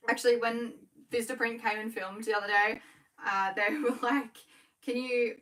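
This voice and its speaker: A young woman with an Australian accent chatting casually to viewers on a livestream while she works, talking quickly and correcting herself as she goes. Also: a little high, fairly even intonation, pushed and bright. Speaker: small business owner livestreaming. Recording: voice a bit far from the mic.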